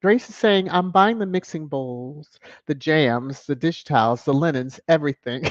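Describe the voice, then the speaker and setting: A woman's voice: low-pitched, a little slow. A woman hosts a casual live stream and gushes her thanks to viewers, breaking into laughter often. The recording is dull and lo-fi, with a dry, close sound and no room echo. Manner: effusive, chatty, laughs often. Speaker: channel host. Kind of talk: live-stream chat reading viewer donations.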